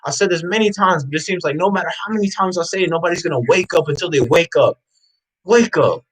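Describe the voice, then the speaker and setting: A man's voice: high voice, quick pace, fairly bright tone, slightly rough, low-quality recording. A man giving a blunt, unscripted motivational rant, preaching intensely, hammering the same questions over and over, swearing and often raising his voice. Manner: blunt and profane. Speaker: motivational vlogger.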